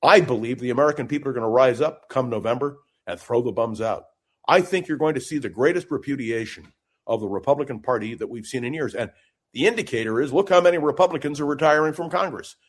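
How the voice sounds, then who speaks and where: A man's voice: medium pitch, quick pace, husky. Impassioned man giving political commentary. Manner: impassioned, emphatic, speechmaking. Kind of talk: radio talk show guest commentary.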